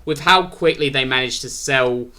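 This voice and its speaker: Rambling man with a bright voice. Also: mid-range voice, normal speed. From Britain. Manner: rambling, with many restarts. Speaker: wrestling show reviewer. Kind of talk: casual video review.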